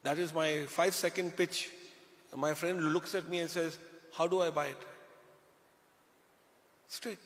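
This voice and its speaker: A man's voice: on the high side, fairly even intonation, a little slow, pauses often, a bit bright. Joking Indian man on a hall stage. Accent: Indian English. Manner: chatty, jokey, addresses the crowd. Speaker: business speaker. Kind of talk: motivational stage talk. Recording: hall reverb.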